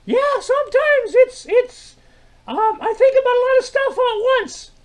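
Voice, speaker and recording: A man voicing a cheeky young boy puppet in a children's skit, drawing out his words and tossing off deadpan wisecracks. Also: very high-pitched, normal speed, voice pushed up.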